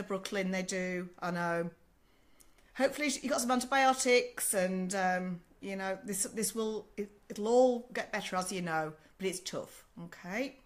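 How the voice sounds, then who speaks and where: An older Australian woman talks through a casual live-stream Q&A in a warm, motherly, chatty way. She keeps checking in with "okay?" and calls people "love". Her voice still sounds a little rough as it recovers from a sore throat. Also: fairly high pitch. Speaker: sleep consultant answering live questions.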